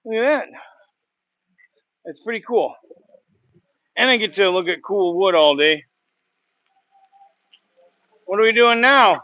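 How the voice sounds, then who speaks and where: A man's voice: high-pitched, lively intonation, slow, long pauses, dry recording, lo-fi sound. A man hosting a casual livestream from a sawmill, telling a rambling joke with goofy sound effects. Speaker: sawmill worker and livestream host. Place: outdoors at a sawmill.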